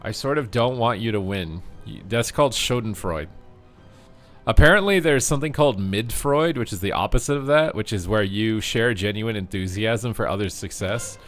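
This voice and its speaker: Bright-voiced, jokey gaming streamer man. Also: on the low side, normal speed, soft background music. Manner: jokey, swears, chatty asides to viewers. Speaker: game streamer. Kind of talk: casual live gameplay commentary.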